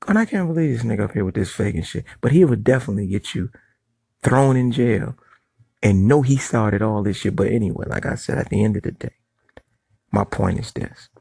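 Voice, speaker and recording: A man's voice: on the low side, lively intonation, moderate pace, vocal fry, mellow, breathy edge, dry recording. A middle-aged man giving a blunt, profane monologue to camera, telling street stories. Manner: storytelling. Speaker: vlogger.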